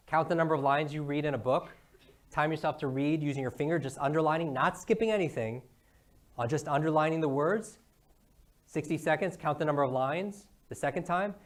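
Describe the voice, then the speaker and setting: A man giving an energetic motivational talk, asking the audience one question after another. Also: fairly high pitch. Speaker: brain coach giving a talk.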